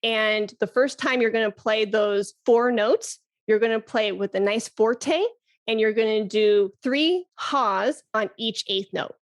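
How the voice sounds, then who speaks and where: Animated woman flute teacher, higher voice. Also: measured pace. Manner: animated, laughs often, demonstrates breath sounds. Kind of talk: casual podcast conversation.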